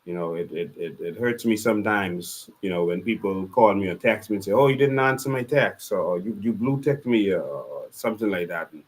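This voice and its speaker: A man with a Bahamian accent hosting a live call-in talk show, speaking earnestly and repeating a phone number slowly. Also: sits low, husky.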